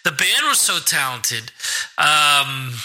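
A man's voice: fairly high pitch, big pitch swings, takes it slowly, sharp tone, low-quality recording. A man hosting a podcast, talking casually on his own, rambling with lots of restarts and fillers. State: hiccuping. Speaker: podcast host. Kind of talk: casual solo podcast talk.

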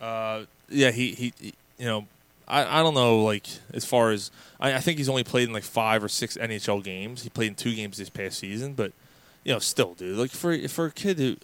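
A man co-hosting a casual sports podcast, telling stories in an animated, profane way with many restarts. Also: medium pitch, normal speed, smooth. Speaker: podcast co-host.

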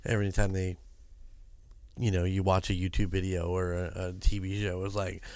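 Low-voiced man in casual podcast chat. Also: level tone, normal speed, darkish tone, no room sound. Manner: rambling, restarts, joking. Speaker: podcast co-host.

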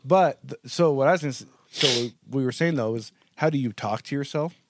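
A man co-hosting a casual podcast chat, animated, acting out his inner voice with sudden jumps in pitch. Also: a little fast. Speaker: podcast co-host.

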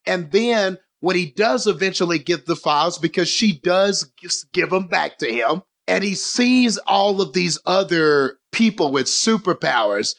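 A man with a fairly high voice talks through a film scene on a casual podcast. He rambles in an animated way, swearing now and then. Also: a little slow, vocal fry, few pauses. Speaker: podcast co-host. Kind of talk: casual movie discussion.

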